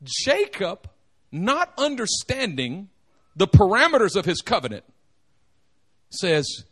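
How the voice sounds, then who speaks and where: A man preaching a sermon, animated and joking, acting out the quotes. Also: high-pitched, slow, pauses often, slightly rough. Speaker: pastor.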